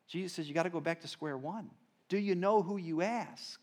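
A man preaching a sermon in a conversational storytelling manner, swinging between loud emphatic lines and quiet asides. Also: high-pitched, brisk. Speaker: pastor.

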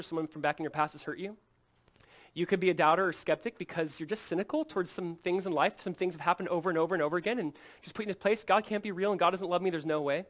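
Pastor guy preaching, fairly high voice, goes quiet then punches it up loud. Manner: earnest, swings from hushed to loud and emphatic; acts out quoted lines in a lively, casual way. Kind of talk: sermon.

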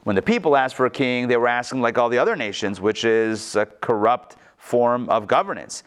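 A man teaching a text-study class at a mid-range pitch, talking conversationally. He keeps asking his listeners rhetorical questions. His pitch swings up and down for emphasis. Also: a little fast.

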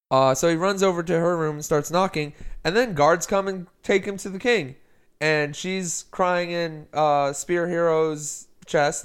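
A man's voice: mid-range voice, smooth. A man co-hosting a casual podcast, rambling through a plot recap and quoting the characters' lines. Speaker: podcast co-host. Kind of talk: casual chat.

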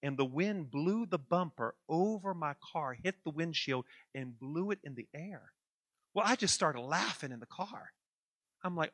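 A pastor with a high, bright voice spins a lively tale for his congregation and keeps breaking into chuckles and asides. The sound is dry and close, with no room around it. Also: normal speed, no echo. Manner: animated, chuckling anecdote telling with asides to the congregation. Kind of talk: storytelling sermon.

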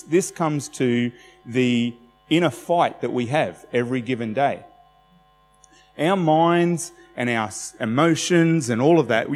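A man preaching a conversational sermon, animated and laughing often as he talks. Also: medium pitch. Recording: hall reverb with faint music.

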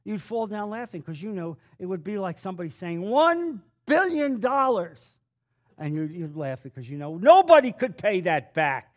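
A man's voice: high voice, big pitch swings, brisk, hardly any pauses, darkish tone. A male pastor preaching a sermon, reading scripture and adding folksy, conversational asides.

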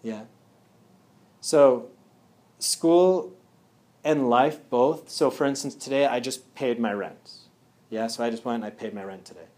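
Man, casual wellness talk, conversational, mid-pitched, tag questions like "yeah?". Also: unhurried, long pauses, darkish tone. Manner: conversational, checks in often with "yeah?" and "right?". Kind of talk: casual talk to a live audience.

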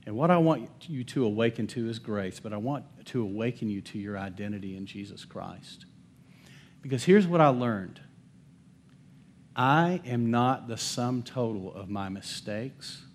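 This pastor's sermon at a church service is delivered in a medium-pitched, expressive voice, a little on the slow side, with slight background noise. He prompts the congregation for responses and moves from booming declarations to quiet, whispered passages.

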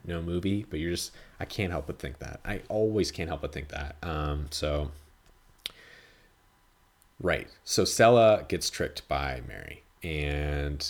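A man hosting a podcast, chatting casually and rambling, swearing freely and acting out dialogue as he talks. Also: extremely low pitch. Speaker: podcast host reviewing a film. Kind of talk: casual chat.

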